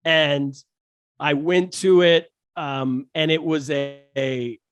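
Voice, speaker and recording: High-voiced man telling jokey stories. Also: slow pace, clear, resonant tone, no room sound. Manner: animated, jokey, many restarts. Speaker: guest, stand-up comedian. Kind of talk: casual podcast storytelling.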